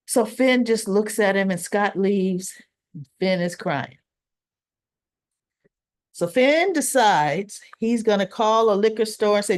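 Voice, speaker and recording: A woman's voice: medium pitch, takes it slowly, pauses often. A woman giving a casual, chatty recap of a soap opera episode. She retells each scene in her own words, slips into quoted dialogue and adds her own asides.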